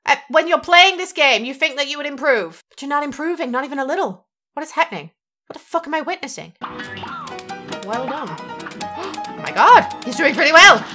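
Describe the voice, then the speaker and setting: A woman's voice: sits high, animated, brisk, sharp tone. A woman reacting to gameplay footage in casual commentary, sarcastic and exasperated, swearing freely. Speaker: gaming YouTuber reacting to a video. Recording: music playing clearly behind.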